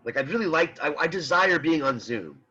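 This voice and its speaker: A man teaching an online philosophy class, talking in halting restarts and often checking in with "right?". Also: fairly high pitch, expressive, sharp tone, muffled recording. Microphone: computer mic on a video call.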